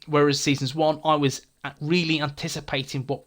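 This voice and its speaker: A man's voice: a little high, level tone, a little fast. A man hosting a gaming channel, casually answering viewer comments in a frank, chatty way, often stumbling and repeating words.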